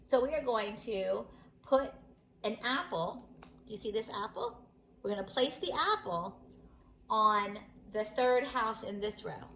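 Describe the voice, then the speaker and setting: A woman teaching a preschool lesson at home, talking slowly and sing-song to small children. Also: fairly high pitch, expressive, a bit bright, echoey room, a little hiss or hum, rough recording. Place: home room.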